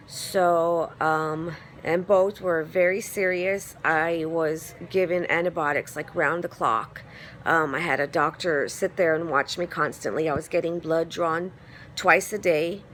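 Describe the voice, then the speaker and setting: Woman vlogger, lowish voice, rambling casual phone update, faint hum behind. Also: a bit bright. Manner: rambling storytelling with fillers.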